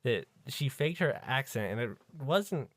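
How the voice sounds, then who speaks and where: A man's voice: mid-range voice, very animated, measured pace, no room sound. Joking man on a dry podcast mic. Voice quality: crude, joking. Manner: laughs often. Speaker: podcast co-host. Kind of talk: casual chat.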